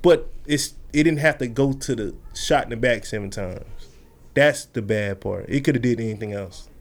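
A man's voice: medium pitch, moderate pace. A man in a casual discussion who talks bluntly and animatedly, swearing freely.

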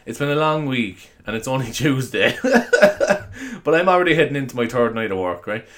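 A man's voice: medium pitch, animated, fairly quick, fairly bright tone. Tired, rambling Irish man. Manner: rambling, self-mocking, laughs often. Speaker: podcast host. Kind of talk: casual solo podcast chat.

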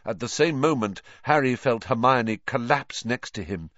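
A man reading a story aloud as narrator, with slow, dramatic delivery. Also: medium pitch, lively intonation, a bit bright, no room sound, dull audio.

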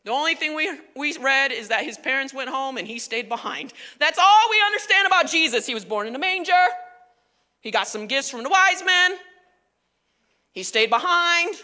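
Bright-voiced woman pastor preaching. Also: high voice, normal speed. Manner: animated, emphatic, conversational. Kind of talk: sermon. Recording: long reverb of a large hall.

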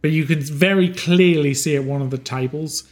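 Halting, slightly high male game master. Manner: halting, full of ums, slows for grim scenes. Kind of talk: narrating a tabletop game.

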